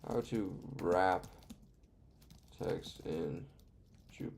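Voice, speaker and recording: A young man live-streaming himself learning to code, muttering and reading code aloud as he types, hesitant and full of pauses. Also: low-pitched, creaky, a little mellow, a little hiss or hum.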